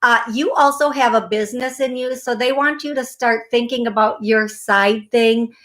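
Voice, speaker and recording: Effusive psychic host, high voice. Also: female voice, moderate pace, a bit bright. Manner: effusive, emphatic, repeats phrases. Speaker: psychic medium radio show host. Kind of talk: call-in psychic reading.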